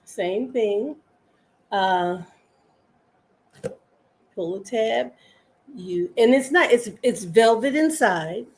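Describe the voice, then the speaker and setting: A woman's voice: fairly high pitch, animated, very slow, pauses often. An older woman hosting a live crafting stream, chatting in a rambling, homey way with viewers and her pet.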